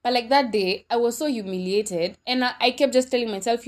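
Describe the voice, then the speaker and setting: A woman's voice: a little high, moderate pace, few pauses. A young woman with a Kenyan accent hosting her own podcast, talking candidly in a rambling, casual monologue full of fillers and self-corrections. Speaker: podcast host.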